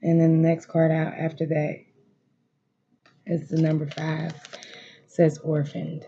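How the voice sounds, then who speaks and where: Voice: medium pitch, completely flat delivery, slow, dark tone, lo-fi sound, a little hiss or hum. A tarot reader in a home room doing a card reading, talking straight to viewers in an emphatic, emotional way. They repeat lines of encouragement and swear freely. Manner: emphatic, repetitive, profane, emotionally intense.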